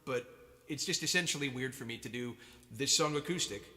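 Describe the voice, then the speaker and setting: A man's voice: mid-range voice, brisk, bright, forceful tone. A man who is a musician hosting a live stream, chatting casually between songs in a rambling, self-mocking, jokey way. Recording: reverb with guitar in background.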